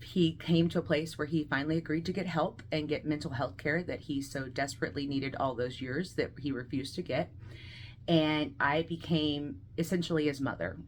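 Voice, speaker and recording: A woman of around forty on a video call, telling a deeply personal story and acting out the voices in it, moving between laughter and quiet grief. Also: slight background noise. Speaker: guest speaker sharing a personal story.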